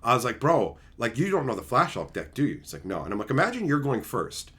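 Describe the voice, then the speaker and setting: A man hosting a live stream, chatting excitedly and profanely with his viewers and acting out friends in loud voices. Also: medium pitch, fast talker, breathy edge. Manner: profane, excitable, rants about cards.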